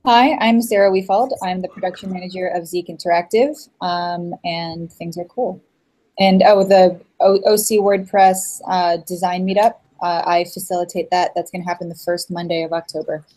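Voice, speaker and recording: Woman on a podcast, lowish mellow voice, relaxed with ums. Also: moderate pace. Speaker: production manager guest. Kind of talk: casual podcast intro.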